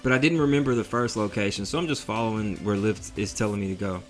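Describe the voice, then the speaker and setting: A man telling a story in a casual vlog, in a slangy, profane, animated way. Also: on the low side, fast, faint music behind.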